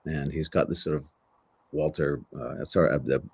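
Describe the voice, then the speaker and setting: Deep-voiced older man telling stories. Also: moderate pace, creaky, husky, no echo. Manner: animated storyteller who acts out voices. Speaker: voice actor guest. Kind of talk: casual interview storytelling.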